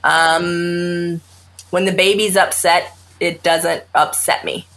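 A woman's voice: on the low side, slow pace, gravelly. A woman OB-GYN talking candidly in an interview, blunt and sarcastic, often acting out what patients say. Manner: blunt, animated, sarcastic, acts out quotes. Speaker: OBGYN doctor, guest.

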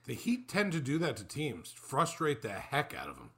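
A man co-hosting a sports talk radio show, giving steady, conversational game analysis. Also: mid-range voice, normal speed, gravelly, slightly rough.

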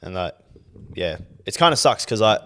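Low-voiced young bloke yarning. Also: male voice, normal speed. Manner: animated storytelling, swears freely. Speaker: podcast co-host. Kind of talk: casual chat.

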